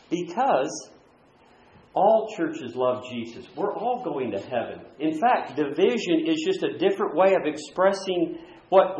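Animated male preacher, lo-fi sound. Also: medium pitch, roomy sound. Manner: animated, swings from loud emphasis to quiet asides. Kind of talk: sermon. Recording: dull lo-fi recording.

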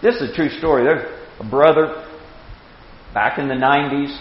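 A man in his sixties teaching a Bible class with anecdotes, animated, chuckling and repeating words as he starts sentences. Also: on the high side, moderate pace. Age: 60s. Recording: echoey hall, dull lo-fi sound.

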